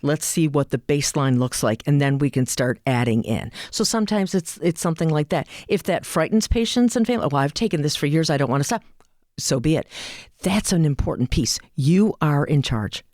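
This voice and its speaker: A woman speaking as a guest in an interview, an animated storyteller who acts out quoted dialogue. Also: low-pitched, fairly quick, no room sound, studio quality. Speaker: hospice and palliative care advocate. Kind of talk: interview conversation.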